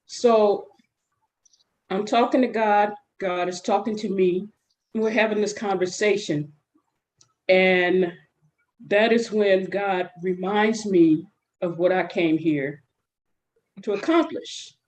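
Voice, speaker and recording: A woman on a group call sharing a spiritual testimony in an earnest way, with long pauses between her thoughts. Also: mid-range voice, a little mellow. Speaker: group member. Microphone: video call.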